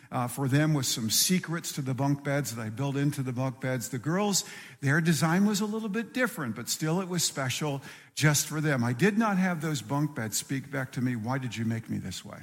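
A middle-aged man preaching a sermon, earnest and repeating phrases for emphasis. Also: on the high side. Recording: long hall reverb.

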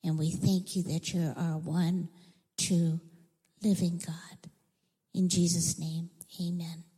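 A woman telling a Bible story to children in an animated way, acting out voices and sometimes whispering. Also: on the low side, takes it slowly, breathy edge. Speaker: children's church teacher. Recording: echoey hall.

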